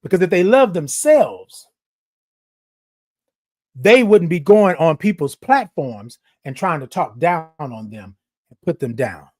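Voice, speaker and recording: A livestream host speaks directly to viewers with passion and emphasis, raising the voice and repeating lines like a sermon. The voice is medium-pitched, very animated and a little mellow, delivered slowly with frequent pauses. It's animated live-stream talk.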